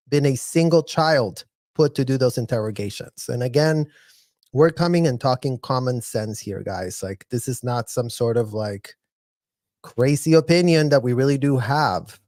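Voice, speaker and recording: A man on a live video call speaking with passion and stress, slowing down to hit key words. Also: medium pitch, darkish tone, no room sound. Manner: impassioned, emphatic, slows to stress words. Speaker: guest on live stream. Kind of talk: casual chat, impassioned commentary.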